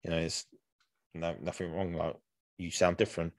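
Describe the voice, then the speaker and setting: A young man with a very low voice chats on a podcast. He rambles and restarts often, filling gaps with ums. The sound is dry and close. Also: level tone, moderate pace, no room sound. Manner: rambling, many fillers and restarts. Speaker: podcast co-host. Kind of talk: casual chat.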